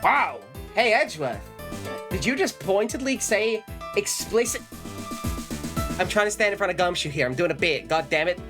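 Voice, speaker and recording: A woman streaming a game, talking into her mic with a lively voice that rises and falls a lot. Her commentary is casual and irreverent, full of swearing and game lines read aloud. Game music plays clearly behind her. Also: medium pitch, normal speed, long pauses.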